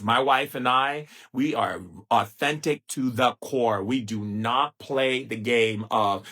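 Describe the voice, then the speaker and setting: Teasing his audience with terms of endearment, a middle-aged spiritual teacher talks casually on his live stream. He sassily imitates stiff, droning speakers. His voice is mid-range with a sharp tone.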